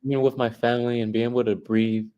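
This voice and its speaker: A young man in his twenties talking casually as a guest teacher, halting with many restarts and fillers. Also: mid-range voice, level tone, warm tone, highs cut off. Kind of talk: casual interview talk.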